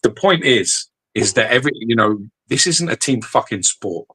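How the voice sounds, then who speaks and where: A man co-hosting a podcast in casual chat, blunt and animated, swearing freely. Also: mid-range voice, normal speed, slightly rough. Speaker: podcast co-host. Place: podcast studio.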